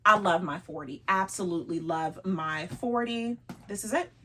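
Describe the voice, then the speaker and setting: A woman's voice: lowish voice, moderate pace, a bit bright, a little hiss or hum. A woman vlogger chatting casually about her luxury bags, laughing often and teasing herself.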